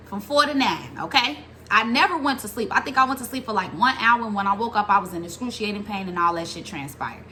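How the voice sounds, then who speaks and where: A young woman telling a story about her own past in a casual vlog, animated and profane, acting out other people's lines. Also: medium pitch, fast talker, few pauses, a little hiss or hum.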